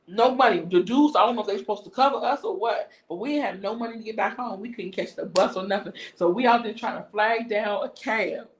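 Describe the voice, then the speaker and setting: A woman casually telling a story on a talk stream, lively and slangy. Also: medium pitch, brisk, hardly any pauses, roomy sound, low-quality recording. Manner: lively, animated retelling with slangy asides.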